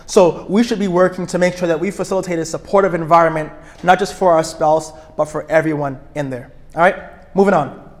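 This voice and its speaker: A man speaking to a room of couples at a retreat, energetic and outgoing, often checking in with his listeners. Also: fairly high pitch, a little fast. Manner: energetic, self-described extrovert; checks in with listeners, asking "right?". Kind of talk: live talk to an audience.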